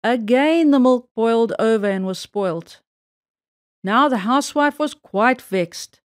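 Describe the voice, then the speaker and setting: Woman, storyteller, children's read-aloud, higher voice, dry close sound. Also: lively intonation, measured pace, dry recording.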